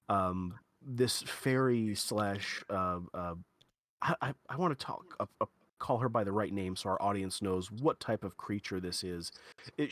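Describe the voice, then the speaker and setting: Halting, dry-voiced male game master. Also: mid-range voice, no echo. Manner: halting, many fillers and restarts, playful. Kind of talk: narrating a tabletop game.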